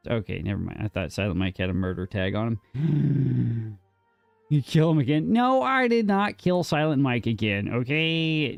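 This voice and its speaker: A man's voice: mid-range voice, vocal fry, clear, resonant tone, dry recording. A man streaming a game, casually bantering with his chat and teasing them in a mock-defensive way, with some casual swearing. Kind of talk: casual live gameplay chat.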